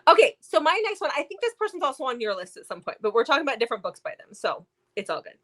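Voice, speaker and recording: A woman's voice: high voice, sing-song, rapid-fire, a bit bright. A woman co-hosting a book review show, chatting casually and animatedly with lots of fillers. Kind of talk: casual chat.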